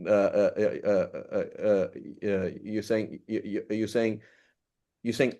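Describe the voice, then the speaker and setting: A man's voice: on the low side, moderate pace, darkish tone. A man teaching an informal Quran study class, explaining step by step and checking in with his listeners often.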